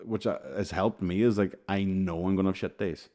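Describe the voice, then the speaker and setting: A young man co-hosting a casual podcast chat, sweary and quick to laugh as he tells stories. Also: low-pitched, fairly even intonation, mellow. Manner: sweary, storytelling, laughs often. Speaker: podcast co-host.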